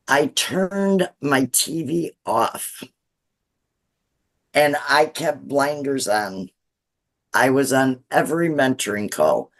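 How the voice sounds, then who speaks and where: A woman of sixty giving an earnest, teary-eyed testimonial as a guest. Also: very deep voice. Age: 60s. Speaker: guest client.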